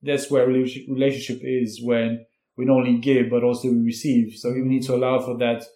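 Mellow, level-voiced male therapist guest. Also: medium pitch, flat delivery, fairly quick. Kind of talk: calm conversational interview. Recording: roomy, echoey sound.

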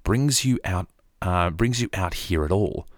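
A man with an Australian accent voicing a bold young male outlaw in his own voice, a little higher and louder. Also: lively intonation, a little slow, dry recording, clean studio sound. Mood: bold, scornful.

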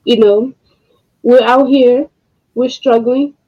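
A woman hosting a podcast, speaking in a casual monologue, emotional and frustrated, with slow deliberate pauses. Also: fairly high pitch, fairly even intonation. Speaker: podcast host. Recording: dull lo-fi audio.

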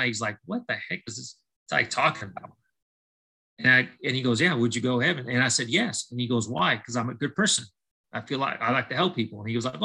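A man's voice: mid-range voice, breathy edge, low-quality recording. A middle-aged man, a baseball coach, telling his life story as a podcast guest and acting out the dialogue as he goes. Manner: animated storyteller acting out dialogue, many restarts. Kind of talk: storytelling interview testimony.

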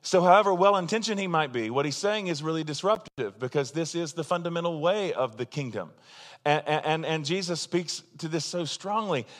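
A male pastor delivers a sermon in an easy, conversational way, leaning hard on key words and joking at his own expense. His voice sits a little high for a man. The sound rings with a long reverb, as in a large sanctuary. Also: expressive, moderate pace, a bit bright. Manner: conversational, self-deprecating, emphatic.

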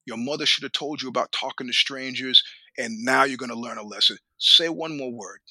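Middle-aged male guest, bright forceful voice, dry close mic; swearing, animated raconteur who acts out the quotes. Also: medium pitch, fairly quick, no echo. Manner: animated, profane, laughs often, acts out quoted lines. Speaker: podcast guest. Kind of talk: storytelling in a casual interview.

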